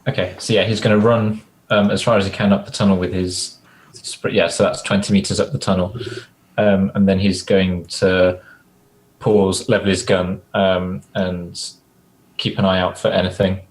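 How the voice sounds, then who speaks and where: Deep, flat-voiced male player. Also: normal speed. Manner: hesitant, self-correcting. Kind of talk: tabletop game play.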